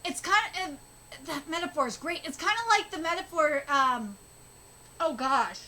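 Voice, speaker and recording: A woman in her thirties reads a manga live and reacts to it. Her voice is high and lively, and she gushes and swears freely as she talks. There is clear noise on her home recording. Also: normal speed, rough recording. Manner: excitable and gushing, swears freely. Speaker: streamer.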